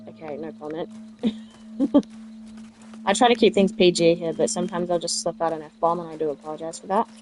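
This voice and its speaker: Soft background music plays under a fairly low, darkish, brisk woman's voice. With a South Australian accent, this let's play streamer chats and rambles with viewers mid-game, answering live chat.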